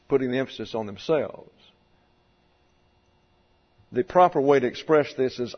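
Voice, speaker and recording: A pastor preaching a doctrinal sermon in a church, deliberate and stressing key words as he works through numbered points. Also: medium pitch. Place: church sanctuary. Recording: dull sound with long hall reverb.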